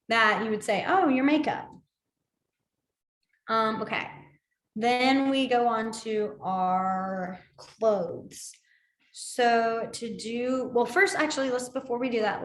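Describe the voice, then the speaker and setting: A woman teaching a beginner sign language class, explaining signs in a chatty, rambling way with many fillers and side stories. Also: mid-range voice. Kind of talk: casual spoken class instruction. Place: library classroom. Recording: echoey room.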